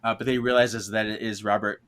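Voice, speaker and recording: A man with a bright, forward voice recaps a story on a casual podcast. He laughs easily and often, tripping over words as he hurries through the plot. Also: lowish voice, level tone, fast talker, clean tone. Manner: giggly, laughs often while retelling the plot. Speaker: podcast co-host.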